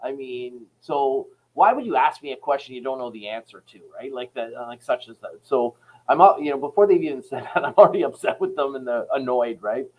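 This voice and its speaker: A man's voice: medium pitch, a little fast, rough recording. A man from Canada, a sales company head and author, talking frankly and rambling as a podcast guest, acting out phone calls as he tells stories. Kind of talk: casual podcast interview.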